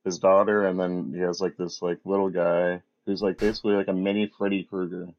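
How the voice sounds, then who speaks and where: A man's voice: sits low, flat delivery, fairly quick, a little mellow, dull audio. A man co-hosting a podcast, recapping a film plot in a plain, matter-of-fact way. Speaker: podcast co-host.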